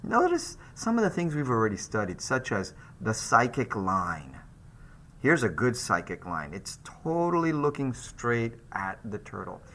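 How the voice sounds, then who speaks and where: Male art teacher, recorded lecture, animated pitch, casual delivery with restarts. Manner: lively, conversational, with frequent restarts and fillers. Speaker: art instructor.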